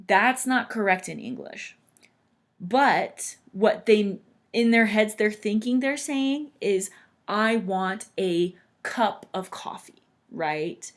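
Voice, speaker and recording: A woman teaching English grammar, patiently repeating example sentences slowly and deliberately. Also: mid-range voice. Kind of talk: explaining grammar to learners.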